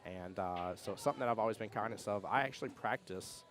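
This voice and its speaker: A pool tournament stream host with a fairly low voice chats loosely and reads viewer comments from the live chat. He's a quick, rambling storyteller who restarts and laughs, and there's a slight hiss or hum.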